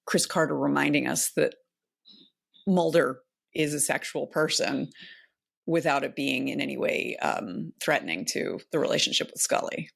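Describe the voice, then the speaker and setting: Woman, low voice, gravelly fry, podcast co-host, rambling casual chat. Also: normal speed. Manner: thoughtful, rambling with many fillers and restarts.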